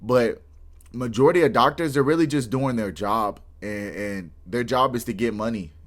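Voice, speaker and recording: A man's voice: medium pitch, moderate pace. A man hosting a reaction video, talking casually with lots of slang and restarts.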